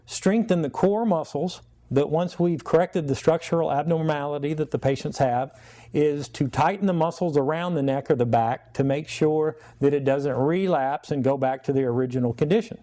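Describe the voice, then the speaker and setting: A man who is a chiropractor, a guest on a talk show, giving steady, plain explanations of his treatment. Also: a little high, normal speed.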